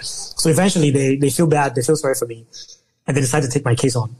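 A young man from Nigeria, a podcast guest telling a long story in casual interview talk, animated and often laughing. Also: medium pitch, quick pace, slight background noise, rough recording.

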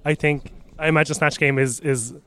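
A man's voice: on the high side, steady tone, moderate pace, pushed and bright, smooth. A man hosting a podcast, asking questions and agreeing along in casual chat. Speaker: podcast host, interviewer.

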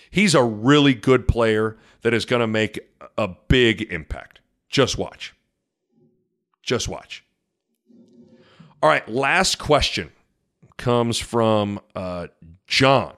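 A middle-aged man hosting his own podcast, a basketball commentator chatting casually and telling animated stories with big swings in pitch and loudness. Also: a little slow.

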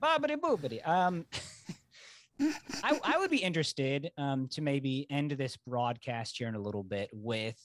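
A man chatting as a podcast guest, telling lively, rambling stories. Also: mid-range voice, unhurried. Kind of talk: casual chat.

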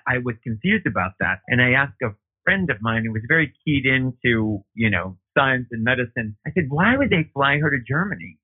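A man, a guest who is an opera singer, telling his own story in an excited way and acting out the dialogue. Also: slightly rough. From United States. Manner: excitable, acts out quoted dialogue with big pitch jumps. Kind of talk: animated personal storytelling. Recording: narrow phone-like line.

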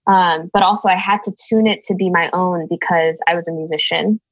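A woman's voice: fairly low pitch, little pitch movement, fairly quick, no echo, lo-fi sound. A woman raised in the United States, speaking as an interview guest in an earnest, thoughtful way, searching for her words. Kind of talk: reflective conversation.

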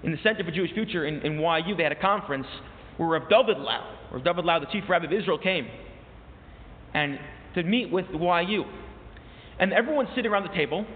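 A man's voice: high-pitched, fast, slight background noise. A man preaching a sermon as a rabbi, impassioned, his voice rising sharply on repeated questions. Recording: tinny, echoey hall recording.

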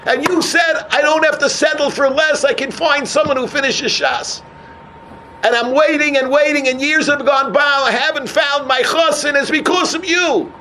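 A woman's voice: high-pitched, normal speed, sharp tone, a little hiss or hum, voice pushed up, low-quality recording. A man voicing an earnest young woman who pleads through her tears, in a Yiddish-inflected English. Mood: pleading.

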